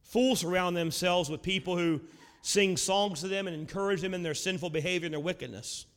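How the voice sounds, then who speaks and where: A male pastor with a drawl delivers an earnest sermon in a fairly high voice. He presses his points with questions to the congregation, then drops his voice low and quiet for the hard truths. The sound carries a long, ringing reverb of a big sanctuary. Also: a little fast. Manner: earnest preaching, swinging between loud emphatic lines and low quiet drops; asks the audience rhetorical questions.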